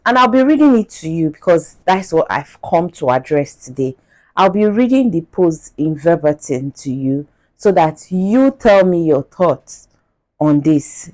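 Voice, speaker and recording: A woman's voice: deep voice, expressive, darkish tone. A woman from Nigeria with a Nigerian accent, hosting a podcast and speaking with emphatic indignation while reading a post aloud. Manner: indignant, emphatic, drawn-out repetition. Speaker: podcast host.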